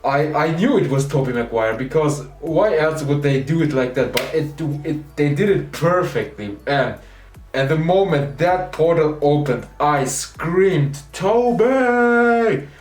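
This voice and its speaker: An eager man gushes through a movie recap and breaks into bits of dialogue as he goes. His voice sits a touch high. He is recorded from a distance in a reverberant room, with faint music underneath. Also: animated, a little slow, a little mellow. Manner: enthusiastic, rambling, acts out quoted lines. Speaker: movie reviewer. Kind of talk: excited spoiler review retelling scenes. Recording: roomy echo, distant mic, faint music.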